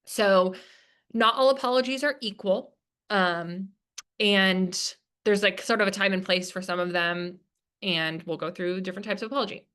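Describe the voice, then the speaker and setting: A woman speaking to a workshop group in a relaxed lecture style. She talks chattily with frequent fillers and slips into little acted-out quotes while explaining. Her pitch sits in an ordinary middle range. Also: normal speed, clean tone. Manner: chatty, with many fillers, acting out quoted lines. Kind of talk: casual lecture. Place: presentation room.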